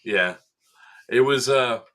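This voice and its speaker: A man chatting casually on a podcast, telling an animated story, acting out quotes and laughing often. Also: mid-range voice, slow. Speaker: event staff member recounting a game day.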